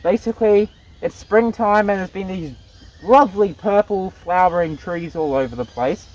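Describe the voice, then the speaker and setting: A man's voice: high voice, moderate pace, darkish tone, low-quality recording. A young man, chatting casually outdoors in a gardening vlog and laughing often between phrases. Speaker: vlogger. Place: outdoors in the bush by a creek.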